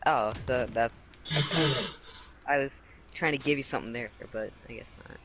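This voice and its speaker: A man's voice: mid-range voice, normal speed, heavy background noise. Blunt man on gaming voice chat.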